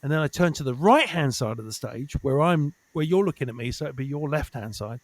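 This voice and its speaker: Animated storytelling man, dry close sound. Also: medium pitch, a little fast, no room sound. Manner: animated storyteller, swears, acts out quoted voices. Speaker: guest comedian. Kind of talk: casual podcast chat.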